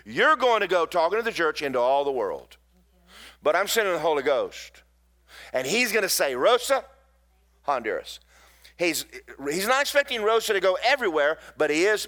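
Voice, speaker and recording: A man's voice: on the high side, fairly bright tone. A middle-aged man, a pastor preaching a sermon in folksy storytelling with emphatic bursts.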